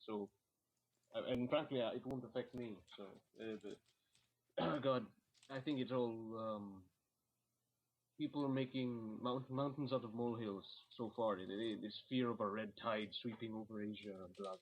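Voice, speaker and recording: A man's voice: medium pitch, fairly even intonation, moderate pace. Hesitant man on a dull line. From Philippines. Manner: hesitant, many ums and likes. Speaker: guest. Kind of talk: casual chat. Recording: dull lo-fi call audio.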